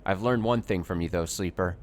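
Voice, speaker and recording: Man voicing a smug game character, treacherous young guy, taunting, low voice. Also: brisk, slight background noise, lightly acted.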